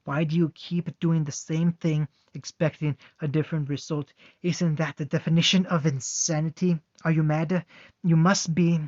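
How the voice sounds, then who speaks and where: A man's voice: fairly high pitch, little pitch movement, normal speed, no room sound, natural voice. A man voicing a furious superhuman father who snarls with scorn, on a dull, dry recording. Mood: incredulous. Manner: scornful, rising to a yell.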